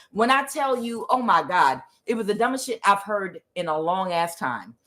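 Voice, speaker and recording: Rambling woman ranting through a tarot reading. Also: medium pitch. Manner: ranting, animated, heavy fillers and restarts. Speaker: tarot card reader.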